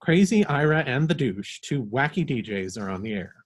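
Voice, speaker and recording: A man reading the stage directions in a script reading, brisk and matter-of-fact. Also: medium pitch, very animated.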